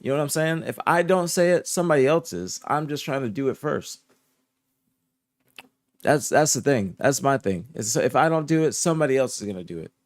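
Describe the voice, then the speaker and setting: Young man, soft-spoken streamer, laid-back casual chat, repeats himself, dry close mic. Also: expressive, fairly quick, dry recording. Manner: drifts between low murmurs and higher indignant outbursts. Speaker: streamer reporting esports news. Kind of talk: casual live-stream chat, reading and answering chat.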